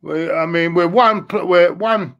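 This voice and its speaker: A high-pitched man venting as a frustrated football fan, swearing and hammering his points home. He repeats himself for emphasis, and his voice sits noticeably high for a man. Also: measured pace, fairly bright tone, muffled recording. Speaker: fan pundit. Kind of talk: angry fan chat.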